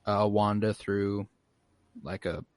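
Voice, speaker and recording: A man's voice: on the low side, little pitch movement, takes it slowly, a little mellow, no room sound. A man co-hosting a casual podcast, animatedly recapping a show and acting out the quotes with swearing. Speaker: podcast co-host. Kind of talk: casual pop-culture chat.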